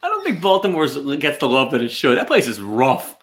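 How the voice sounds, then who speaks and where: A man co-hosting a podcast in casual chat, teasing his co-host with wry, deadpan asides. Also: on the high side, a little fast.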